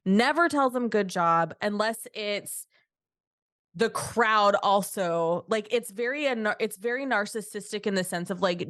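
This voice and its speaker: A woman's voice: mid-range voice, a bit bright, no echo, clean studio sound. A woman hosting a podcast in casual chat, talking animatedly, swearing freely and acting out quotes. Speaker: podcast host.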